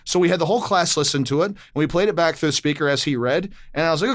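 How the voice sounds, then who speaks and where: A man hosting a podcast interview, telling lively stories about teaching voice acting and acting out the people in them. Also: on the high side, very fast, hardly any pauses, no room sound, clean studio sound. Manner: animated storyteller, acts out quoted people. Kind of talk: casual interview chat.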